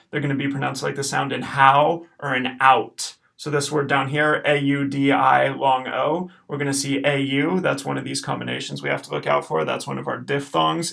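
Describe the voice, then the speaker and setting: Man, Latin teacher, recorded lesson, gravelly voice, middle pitch, slow careful repetition. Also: bright, forceful tone. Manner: patient, repeats each word slowly and clearly.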